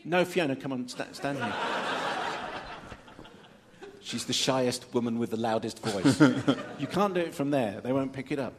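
Male radio host on a live stage, animated swooping delivery, theatrical reader of listener emails. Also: mid-range voice, measured pace, long pauses, noisy background. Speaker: radio presenter. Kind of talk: lively live radio chat before an audience. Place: stage before a live audience.

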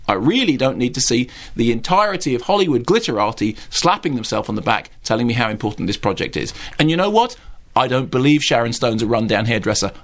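A man reviewing films on a radio show, talking in an animated, emphatic, opinionated way and often repeating words. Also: medium pitch, fast talker. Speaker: film critic. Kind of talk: radio film review chat. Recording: radio studio.

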